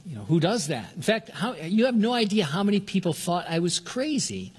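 Earnest older pastor, raised voice. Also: male voice, very animated, fairly quick, husky. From Southern California. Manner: earnest, restarts words, pitch swings up when stressing points. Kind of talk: sermon.

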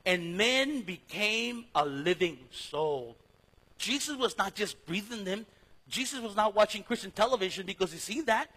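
Husky high-voiced male pastor. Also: poor audio. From East Los Angeles. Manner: storytelling, swings from loud to hushed. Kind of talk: sermon.

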